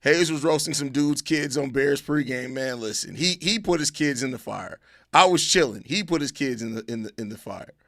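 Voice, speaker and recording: A man's voice: mid-range voice, normal speed, dry recording, clean studio sound. A man hosting a casual live stream, reading viewer chat aloud and answering it, often with mock outrage and swearing. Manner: animated, mock outrage, swearing, repeated questions.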